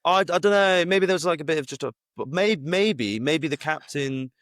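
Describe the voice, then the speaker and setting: A man's voice: on the high side, lively intonation, normal speed, fairly bright tone, dry recording, studio quality. A man rambling through a theory in casual chat, full of fillers and restarts. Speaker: podcast co-host.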